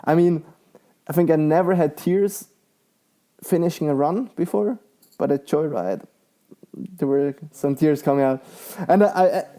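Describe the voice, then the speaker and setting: Excitable young man, mellow voice. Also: fairly high pitch, a little slow, pauses often. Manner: excitable, laughs often, lots of fillers. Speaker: guest, professional mountain bike rider. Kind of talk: casual conversational interview.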